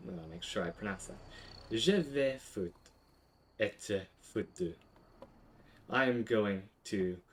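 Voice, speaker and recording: A man's voice: on the low side, fairly bright tone. A man teaching a casual streamed language lesson, explaining grammar step by step with offhand swearing and frequent restarts.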